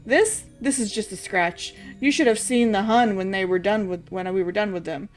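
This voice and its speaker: A woman's voice: mid-range voice, normal speed, faint music behind, natural voice. A woman voicing a blustering, eccentric old army brigadier with a shaky put-on posh British accent while reading game dialogue on stream.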